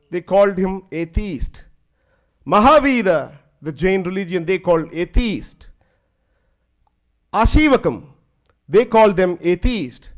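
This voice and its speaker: A male professor lecturing a conference audience, mixing stories into his points. His voice sits a little high, and his delivery is animated and loose, with frequent "like"s. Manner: animated, fills speech with "like".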